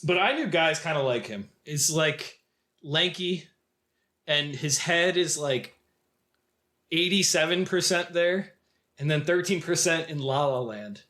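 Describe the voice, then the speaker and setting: Male podcast co-host, fairly high voice, reflective and hesitant delivery. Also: a little slow, bright, forceful tone. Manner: thoughtful, musing, hesitant with many fillers. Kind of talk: casual film discussion.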